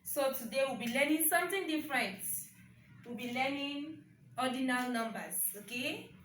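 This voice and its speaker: Woman teacher, bright voice, patient and repetitive, frequent "okay?" check-ins, recorded at a distance. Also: sits high, moderate pace, echoey room, slight background noise. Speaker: French teacher. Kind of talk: online language lesson.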